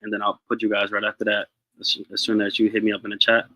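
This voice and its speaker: Guy hosting a music review stream, bright voice, dry close sound, chill and chatty with the chat. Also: fairly low pitch, quick pace, no echo. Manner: relaxed, addresses chat directly. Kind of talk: casual livestream talk.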